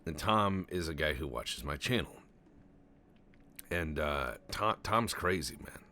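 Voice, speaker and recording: A man with a low, deep voice talks loosely over his own gameplay and spins absurd stories with a straight face. He stammers, restarts and swears freely as he rambles, and a faint hiss sits under his voice. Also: lively intonation, a little slow, bright, forceful tone. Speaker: Let's Play commentator. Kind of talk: casual game commentary with rambling tall tales.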